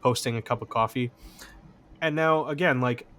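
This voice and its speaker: Male guest, average pitch, loose rambling chat full of "like". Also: normal speed, a bit bright. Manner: rambling, heavy use of "like". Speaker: podcast guest. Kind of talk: casual chat.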